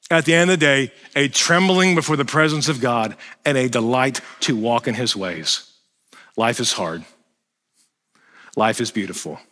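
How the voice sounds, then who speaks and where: A man preaching a sermon as pastor, animated and self-deprecating, swinging between loud emphasis and quiet asides. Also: medium pitch. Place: church sanctuary. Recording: reverberant church hall.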